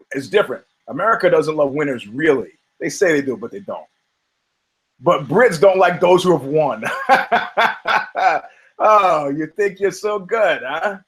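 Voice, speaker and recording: Male podcast host, slightly high, chatty and profane, laughs constantly. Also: a bit bright, rough recording. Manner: rambling, profane, laughs often between phrases. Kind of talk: casual podcast banter about fighting.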